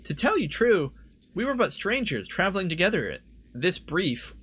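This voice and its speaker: A terse, guarded young woman adventurer from a fantasy game, performed by a man. The voice sits higher than his own and the lines come out clipped and formal. She gives nothing away. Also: big pitch swings, normal speed, a bit bright, slightly rough, exaggerated voice.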